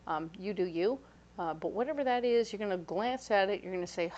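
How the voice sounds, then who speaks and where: A woman giving a casual, playful tarot reading, chatty and full of quick asides. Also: mid-range voice, a little mellow, muffled recording. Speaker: tarot reader.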